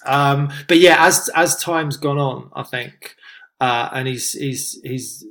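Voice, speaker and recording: A man's voice: medium pitch, takes it slowly, fairly bright tone. A man, a comedian, chatting casually and rambling with many restarts. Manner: rambling, frequent restarts and "do you know what I mean". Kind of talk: casual podcast chat.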